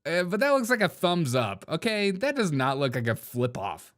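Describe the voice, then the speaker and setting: A man's voice: fairly high pitch, huge pitch swings, normal speed, fairly bright tone. Joking male commentary host. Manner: joking, laughs often, mock-quotes people. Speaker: show host. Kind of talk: casual political commentary.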